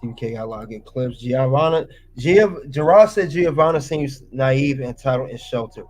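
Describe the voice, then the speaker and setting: A man's voice: mid-range voice, moderate pace, a little mellow, soft background music. A man hosting a reaction video, ranting and scolding as he comments on an interview clip.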